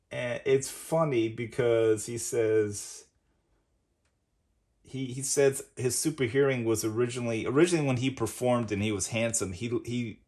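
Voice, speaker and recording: A man's voice: medium pitch, a little mellow. A man hosting a casual comic book review, rambling and leaning on "basically" as he retells the story. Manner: rambling, says "basically" often.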